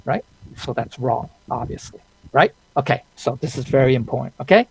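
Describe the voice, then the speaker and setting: A man's voice: mid-range voice, lively intonation, moderate pace, vocal fry, a little hiss or hum, low-quality recording. A man teaching an online Dao study class in a conversational lecture, often checking in with his listeners. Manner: conversational, checks in with "okay?" and "right?"; frequent restarts and fillers.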